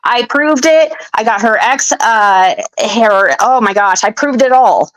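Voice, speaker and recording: A woman's voice: a little high, animated, measured pace, rough recording. A woman who is a guest on a livestream, speaking in an upset and defensive way and often repeating herself and restarting. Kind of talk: casual livestream chat.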